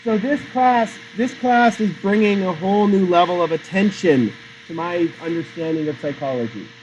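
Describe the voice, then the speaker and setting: A man's voice: high-pitched, moderate pace, darkish tone, slight background noise. A male teacher giving a classroom lecture, chatty and digressive, often quizzing the class. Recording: dull lo-fi sound.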